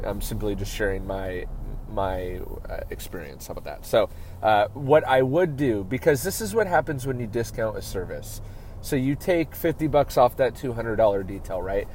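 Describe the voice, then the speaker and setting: A man's voice: fairly low pitch, darkish tone, a little hiss or hum. A man hosting a podcast, giving casual business advice in a chatty way. He keeps checking in with "right?" and often restarts his sentences. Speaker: podcast host and auto detailer.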